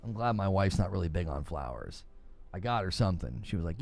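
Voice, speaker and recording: A man's voice: lowish voice, sing-song, fast talker, darkish tone, no room sound, soft background music. A man, hosting a gaming livestream, joking with his chat and laughing often. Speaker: gaming channel host.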